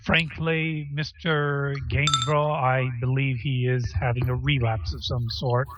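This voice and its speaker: A man's voice: mid-range voice, level tone, a little slow, lo-fi sound, background noise, natural voice. A man voicing Wormwood, a stern, pompous male therapist who speaks in clipped, indignant sentences.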